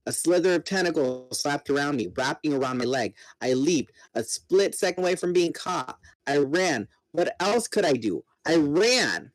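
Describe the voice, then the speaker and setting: A man's voice: on the high side, animated, moderate pace, few pauses, no echo, low-quality recording. A man reading a novel aloud, narrating steadily and voicing the characters himself. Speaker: reader. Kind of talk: dramatic book reading.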